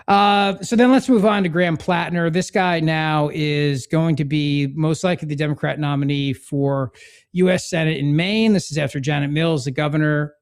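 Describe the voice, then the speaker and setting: A man hosting a political talk show, sarcastic and mocking in tone. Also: a little high. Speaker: podcast host.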